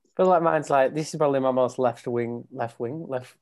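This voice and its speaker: A man's voice: mid-range voice, fairly quick, a little mellow. A man on a podcast panel, rambling casually with plenty of fillers. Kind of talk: casual group chat.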